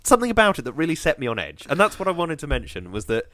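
Animated man telling a rambling story. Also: on the high side, rapid-fire, dry recording. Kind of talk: casual chat. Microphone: video call.

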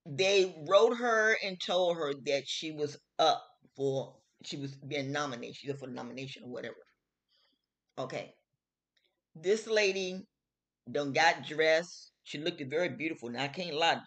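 Hosting her own show, a low-voiced middle-aged woman chats about her opinions, repeating phrases with slow, emphatic delivery.

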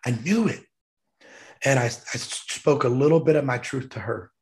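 A military veteran appearing as a guest, speaking in a medium-pitched voice at a moderate pace, tells an emotional personal story. He's heartfelt and emphatic, choking up at times.

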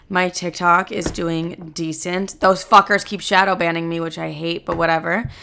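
A woman's voice: lowish voice, fairly bright tone. A young woman in her twenties hosting a casual solo podcast, candid and self-deprecating, swearing freely. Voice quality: gravelly vocal fry. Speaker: podcast host. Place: New York City.

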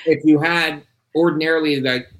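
A man's voice: on the high side, fairly even intonation, normal speed, slight background noise, low-quality recording. Blunt, profane middle-aged man. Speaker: addiction interventionist. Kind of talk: casual interview talk.

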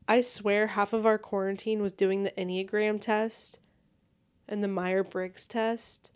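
A chatty young woman hosts a casual solo podcast, rambling along in a bubbly, easygoing way. Her voice sits in an ordinary middle pitch for a woman. She is talking from her bed at home. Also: little pitch movement, measured pace, a little mellow, clean tone. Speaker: podcast host.

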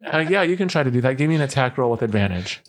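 A man's voice: medium pitch, very animated, rapid-fire. A man running a tabletop game as game master, narrating the action in a playful way.

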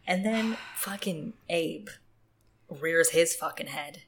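A woman's voice: sits low, slow pace. A woman co-hosting a casual podcast about a book, swearing and laughing often as she comments. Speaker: podcast co-host. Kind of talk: casual book discussion chat.

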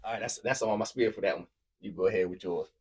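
A man co-hosting a casual faith-based podcast with his wife, telling lively everyday stories and acting out the dialogue. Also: lowish voice, quick pace, husky. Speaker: podcast co-host, husband.

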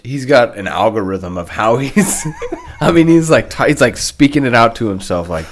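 Young male co-host, profane and joking, animated pitch. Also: moderate pace. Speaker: podcast co-host. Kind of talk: casual chat.

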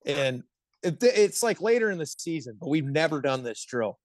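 A man in his thirties from the Pittsburgh area, a hockey player telling animated stories as a podcast guest, laughing often and swearing freely. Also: on the high side, fairly quick, no echo. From Pittsburgh area, United States. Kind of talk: casual podcast storytelling.

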